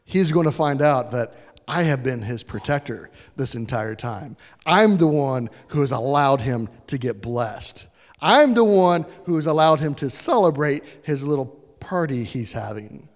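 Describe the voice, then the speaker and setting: A man's voice: mid-range voice, lively intonation, a little slow, big-room sound, natural voice. A man voicing a confident young warrior king who talks in a casual, slangy way. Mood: rallying.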